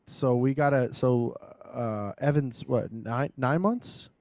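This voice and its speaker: Male podcast co-host, mid pitch, dry close mic, profane and joking. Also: takes it slowly, a little mellow, dry recording. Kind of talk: casual chat with sponsor reads.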